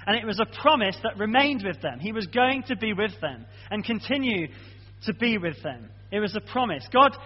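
A man's voice: high voice, very animated, normal speed, husky. A man preaching a sermon in an earnest, conversational way, often checking in with his listeners. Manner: earnest, conversational, frequent "okay?" check-ins. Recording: muffled sound with long hall reverb.

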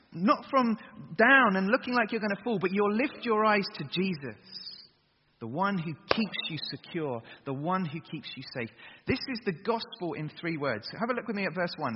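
A man preaching a lively sermon to young people, getting them to chant along. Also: high voice, moderate pace, noisy background. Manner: energetic, gets the crowd to chant along. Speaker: youth preacher. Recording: dull echoey hall recording.

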